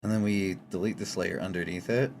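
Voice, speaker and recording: A streamer chatting casually with their chat while drawing, teasing viewers and breaking into sudden high squeaks. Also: steady tone, fairly quick, darkish tone, slight background noise.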